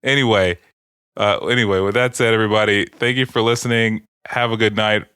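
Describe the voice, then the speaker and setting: Bright-voiced joking podcast host. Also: male voice, on the low side, steady tone, a little fast, clean tone, dry recording, studio quality. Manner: joking, laughs often, profane. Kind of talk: casual podcast banter.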